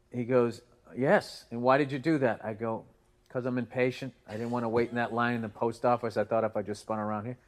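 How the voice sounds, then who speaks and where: Man, podcast co-host, casual storyteller, plays both sides of conversations. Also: medium pitch. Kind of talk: casual chat.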